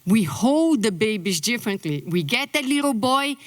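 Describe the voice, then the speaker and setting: A middle-aged woman from Brazil, a native Portuguese speaker with a Brazilian accent, giving a conference lecture in an animated way. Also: fairly high pitch, moderate pace, no echo. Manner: animated, acts out quotes in a lifted voice.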